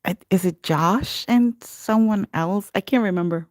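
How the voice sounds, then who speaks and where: A woman's voice: medium pitch, unhurried, a little mellow, dry recording. A woman nail artist hosting a live tutorial, chatting to her viewers by name and narrating her steps as she works.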